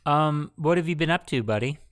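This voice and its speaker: A young man chats as host of a casual podcast, his voice smooth and resonant. He rambles through a story loosely, with plenty of ums and restarts. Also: a little high, a little fast.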